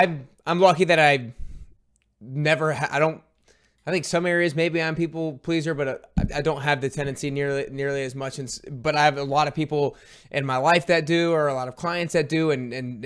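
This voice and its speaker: A man's voice: on the high side, fairly even intonation, a little fast, a bit bright, clean tone. A man hosting a podcast, asking long, hesitant questions in a casual interview. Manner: rambling, hesitant questions with restarts. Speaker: podcast host.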